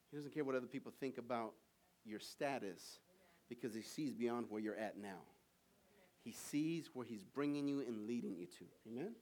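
A man preaching a sermon in a church, animated, asking the congregation for call and response. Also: medium pitch, moderate pace.

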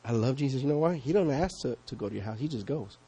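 A man preaching a sermon as pastor, conversational and questioning, swinging between loud calls and hushed asides. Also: mid-range voice, lively intonation, fast talker, slightly rough. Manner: conversational, asks the congregation questions.

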